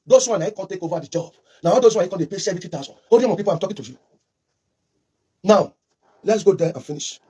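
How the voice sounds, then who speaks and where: A man's voice: sits high, fast, long pauses, warm tone, husky. A man with a Nigerian accent mixing in Pidgin, giving fervent, rambling political commentary with lots of repetition.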